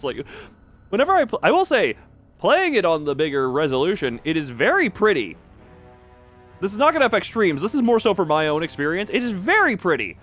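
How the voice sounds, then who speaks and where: An animated man chatting on a live stream, laughing often. His voice sits a little high and swings widely in pitch. Soft music plays faintly behind him. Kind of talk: casual live-stream chat. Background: faint background music.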